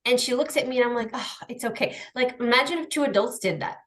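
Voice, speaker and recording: A woman in casual podcast chat who acts out lively little scenes with her pets, talking over a video call. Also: a little high, fast. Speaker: podcast guest.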